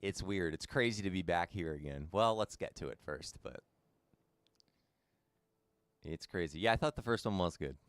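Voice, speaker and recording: A young man with a low, deep voice chats easily with his viewers while he streams a game. He is laid-back and talkative, calling people in the chat by name. The sound is dry and close, with no room echo. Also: normal speed, long pauses. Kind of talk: casual live-stream chat.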